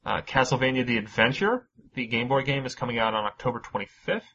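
A man's voice: mid-range voice, animated, quick pace, bright, forceful tone, slightly rough, lo-fi sound. A man hosting a casual gaming podcast, chatty and laughing often, swearing casually as he runs through news. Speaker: podcast host.

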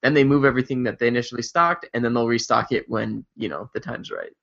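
Gravelly bright-voiced joking man. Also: mid-range voice, fairly even intonation, fast talker. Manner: joking, laughs a lot. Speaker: podcast co-host. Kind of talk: casual gaming chat. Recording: dull lo-fi audio.

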